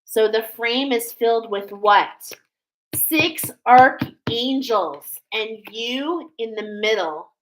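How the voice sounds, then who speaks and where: A woman giving a spiritual oracle card reading to her viewers, speaking with emotional awe and warm affirmations. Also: fairly high pitch, takes it slowly, a little hiss or hum, low-quality recording.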